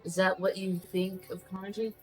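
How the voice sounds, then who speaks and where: A woman chatting casually with friends during a game, teasing and firing back quick questions. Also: mid-range voice, level tone, faint music behind. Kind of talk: casual chat while playing.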